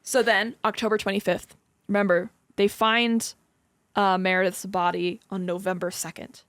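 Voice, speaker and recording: A woman's voice: mid-range voice, fairly even intonation, unhurried, fairly bright tone, clean tone, dry recording. A young woman co-hosting a podcast in a casual, chatty way, using lots of fillers. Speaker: podcast co-host. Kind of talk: casual chat.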